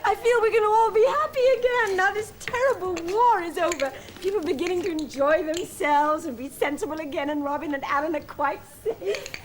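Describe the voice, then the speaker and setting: A woman's voice: extremely high pitch, fairly quick, slight background noise. An actress playing an effusive, party-loving middle-aged mother of grown children in a televised stage drama. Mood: gushing. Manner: effusive, chattering.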